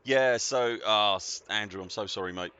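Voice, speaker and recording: A man's voice: on the low side, moderate pace, pushed and bright, smooth, no echo. A man, streaming a game and chatting casually with viewers, rambling and greeting people by name. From United Kingdom. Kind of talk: casual live-stream chatter while gaming. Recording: dull, dry lo-fi sound.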